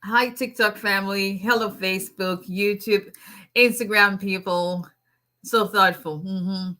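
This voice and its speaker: Bright-voiced woman greeting viewers. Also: medium pitch, steady tone, measured pace. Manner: chatty, greets viewers, laughs often. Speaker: immigration attorney hosting a livestream. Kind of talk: casual livestream chat.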